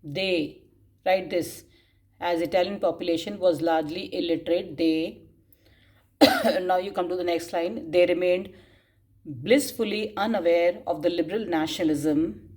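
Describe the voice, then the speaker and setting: Woman teacher reading notes aloud for students to copy, very slow, repeats phrases, coughs often. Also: lowish voice, darkish tone. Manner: slow dictation, spelling out words and repeating phrases; frequent coughs and throat clearing. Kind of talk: dictating class notes.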